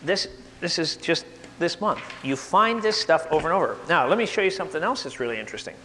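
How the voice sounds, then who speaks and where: A man giving an animated lecture to a live audience, asking them questions and getting worked up. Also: a little high, fast, in a large hall, slight background noise. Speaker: speaker at a live talk.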